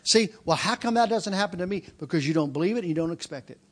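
A man preaching a sermon, telling a personal story and then building into a loud, repetitive preaching cadence. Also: high voice, expressive, quick pace.

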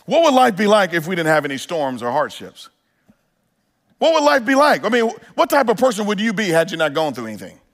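A man's voice: fairly high pitch, big pitch swings, fast, few pauses. A male pastor preaching a sermon in an earnest style, building to emphatic peaks and often restarting his phrases.

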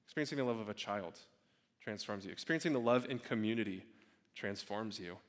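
A young man preaching a sermon as a pastor, earnest, repeating words and dropping to a hush on key phrases. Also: lowish voice, fairly quick, big-room sound. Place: church sanctuary.

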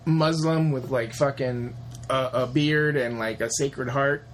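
A woman's voice: extremely low pitch, steady tone, unhurried, slight background noise. A woman co-hosting a casual chat, rambling and offhand, with dry jokes and plenty of swearing. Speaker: podcast co-host.

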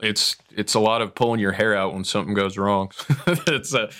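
A man's voice: fairly low pitch, fairly even intonation, moderate pace, bright, forceful tone. A man hosting a podcast, chatting casually and agreeing easily with his guest. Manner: laughing, agreeable listener. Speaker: podcast host. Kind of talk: casual chat.

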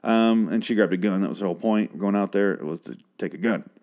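Guy with a lowish voice rambling thru an episode recap, sarcastic, swears a lot, keeps trailing off. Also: fast talker, a little mellow. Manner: profane, sardonic, trails off with frequent restarts. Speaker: show recap podcaster.

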